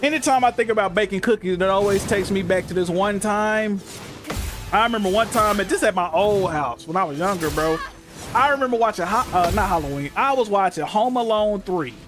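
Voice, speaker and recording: A young man streaming from his room, telling stories in casual, profane, animated chat. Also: high voice, fairly quick, over music. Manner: animated, profane storytelling with frequent laughs. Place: home room.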